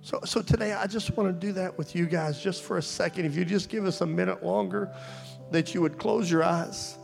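A man's voice: high voice, brisk, vocal fry, soft background music. A man preaching a sermon at a church service, telling a story and then pleading fervently with his listeners.

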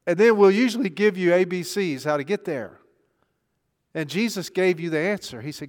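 Male preacher, sermon, slightly high voice, rhetorical questions, soft then emphatic, long echoing hall reverb. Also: lively intonation, a little fast. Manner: rhetorical questions, swings between hushed and emphatic.

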